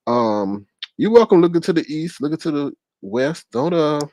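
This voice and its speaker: A man hosting a casual live-stream commentary, animated and laughing, with exaggerated high-pitched repeats of words. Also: normal speed, a little hiss or hum. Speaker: commentary channel host.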